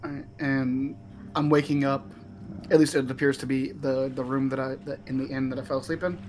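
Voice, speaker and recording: A man's voice: mid-range voice, level tone, fairly quick, darkish tone, a little hiss or hum. A man playing a tabletop game, describing his character in a loose, rambling way with many fillers. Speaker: player. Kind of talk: casual play.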